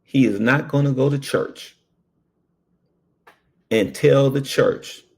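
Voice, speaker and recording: A man, a paramedic, telling a personal story in an animated, earnest way. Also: medium pitch. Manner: slow, gravelly, animated storytelling.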